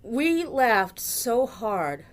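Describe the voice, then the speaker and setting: A woman's voice: on the high side, very animated, extremely slow. A middle-aged woman from Massachusetts telling a funny memory about a friend, with dramatic, jokey exaggeration. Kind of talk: storytelling tribute.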